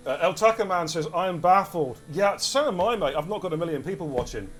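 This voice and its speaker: A man with an English accent giving lively, chatty live commentary on an esports race and talking to his chat as he goes. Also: on the high side, fast talker, faint music behind. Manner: energetic, chatty, addresses chat directly.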